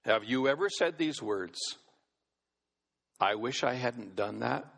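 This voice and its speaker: A male pastor delivers a sermon with a husky, gravelly voice, pressing his points and putting questions to the congregation. His words ring out with the long reverb of a large church hall. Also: mid-range voice, lively intonation, takes it slowly, a bit bright. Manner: emphatic, asks the congregation questions.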